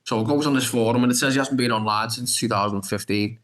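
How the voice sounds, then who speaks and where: A man's voice: mid-range voice, steady tone, fast, fairly bright tone, low-quality recording. A young man tells a long story as a guest on a podcast. He rambles through restarts and filler like "da da da", and he acts out his own reactions along the way. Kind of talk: animated anecdote storytelling.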